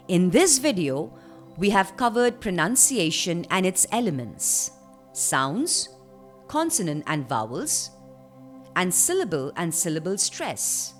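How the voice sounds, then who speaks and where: A woman delivers a scripted online lesson slowly and with care, her pitch moving in a lively way as she stresses points. Soft music plays faintly behind her voice. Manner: clear, measured teaching delivery. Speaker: trainer.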